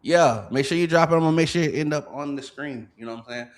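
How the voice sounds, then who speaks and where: A man's voice: fairly high pitch, quick pace. Slangy man chatting, rambling and repetitive. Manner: rambling, peppered with "you know what I'm saying". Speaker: podcast host. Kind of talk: casual podcast chat.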